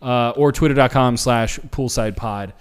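A man's voice: mid-range voice, moderate pace, clean tone. Here is a young man hosting a podcast, with a mid-range male voice. He talks in a loose, casual way and often restarts his sentences. He reacts with disbelief to what his co-host says.

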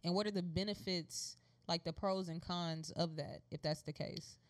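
A chatty American woman hosting a relaxed conversation with a slightly low voice. She teases her co-host and laughs easily between points. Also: normal speed. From United States. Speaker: podcast co-host. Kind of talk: casual chat.

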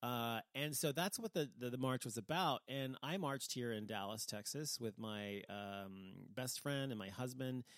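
A man's voice: mid-range voice, normal speed, few pauses, a bit bright, no room sound. A man giving a casual opinion monologue, rambling and heated, swearing freely and restarting his sentences a lot. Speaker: vlogger. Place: lives in Dallas, Texas.

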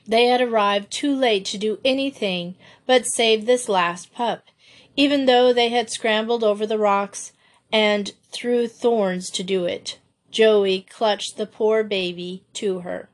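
A woman narrating a children's story aloud in a measured storytelling manner. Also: medium pitch. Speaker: audiobook narrator. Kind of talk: scripted narration.

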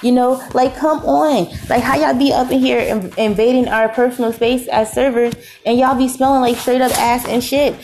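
A woman's voice: on the high side, steady tone, normal speed, few pauses, a little mellow, slight background noise. A woman hosting a podcast, delivering an emphatic, exasperated, profane comedic rant full of repeated rhetorical questions. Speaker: podcast host.

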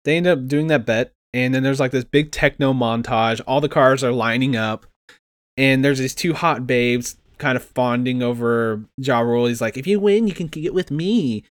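A young man chatting casually through a movie recap, his voice sitting at an ordinary middle pitch. He tells it with a loose, laughing energy, slipping into quick impressions of the characters. The sound is dry and close, with no room around it. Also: clear, resonant tone, no room sound. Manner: laughing, animated retelling with acted quotes.

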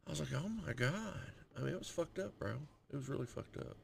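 A man in his thirties co-hosting a podcast, chatting casually with lots of slang and swearing, telling animated stories. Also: mid-range voice, very fast, vocal fry, slightly rough. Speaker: podcast co-host. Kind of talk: casual chat.

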